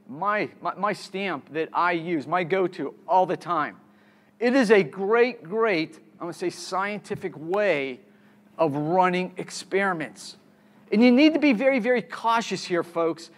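A man's voice: high voice, a bit bright. A man giving a live keynote talk on a conference stage, quizzing the audience and repeating key words, with frequent restarts.

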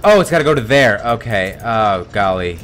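Jumpy, loud man streaming a game. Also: fairly low pitch, lively intonation, normal speed, a little hiss or hum. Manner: jumpy, yelps and shouts at scares, swears a lot. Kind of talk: live gameplay commentary.

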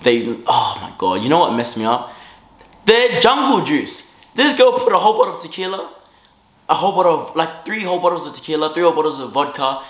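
A young man telling a casual story-time tale in an animated way, swinging between loud bursts and low asides. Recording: roomy echo.

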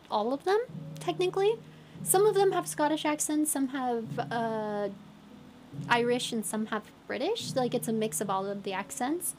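High-voiced chatty young woman streamer. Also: a little mellow. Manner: chatty, giggly, tries British phrases. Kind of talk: casual chat. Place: lives in England.

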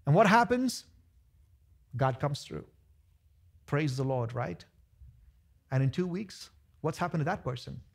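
A man pastor preaching a lively sermon to his church, acting out voices of the people in his stories. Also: sits high, creaky. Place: church sanctuary.

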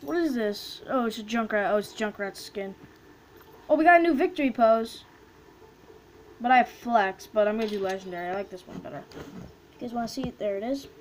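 A woman casually commenting as she opens loot boxes in a video game, excitable and quick to chant names and squeal over items. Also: a little high, a little hiss or hum, low-quality recording. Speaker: gaming video host.

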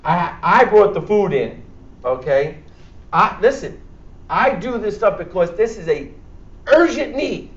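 A man's voice: sits high, expressive, a little slow. A man with a Bronx accent leading a church health workshop, talking bluntly and joking with his audience. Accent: Bronx New York. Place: church hall, speaking to a live audience. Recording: echoey hall, distant and dull.

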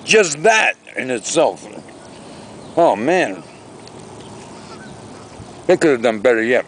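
A man's voice: mid-range voice, sing-song, takes it slowly, slight background noise, rough recording. A man talking casually to his camera outdoors by a lake, rambling and ranting in a chatty vlog. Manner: rambling, chatty, exaggerated rants. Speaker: vlogger.

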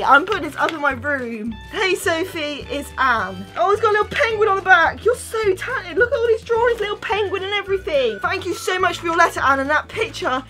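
A young woman vlogging as she unboxes fan mail, gushing and chatty with bursts of squealing excitement. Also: extremely high pitch, brisk, hardly any pauses, music in the background. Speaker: YouTuber.

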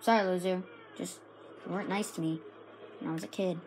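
A woman giving frantic, excited commentary while playing a shooter game, often shouting and yelping. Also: lowish voice, brisk, slight background noise. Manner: frantic, shouts and yelps at the action. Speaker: gaming video creator.

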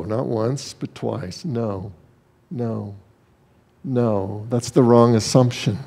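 A man's voice: mid-range voice, mellow. A male pastor preaching a sermon, emphatic, with repeated phrases for weight.

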